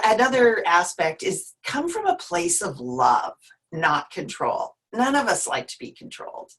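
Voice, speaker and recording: Woman in her 50s, workshop presenter on a video call; earnest, low-ish voice, emotional and candid. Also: fairly bright tone, breathy edge. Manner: earnest, emotional, with frequent restarts. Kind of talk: online workshop talk.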